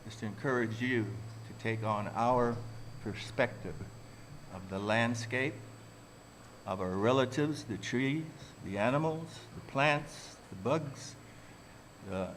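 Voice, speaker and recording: A man giving a reflective, unhurried talk to a community workshop audience. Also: mid-range voice, fairly bright tone, slight background noise, low-quality recording. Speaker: workshop speaker.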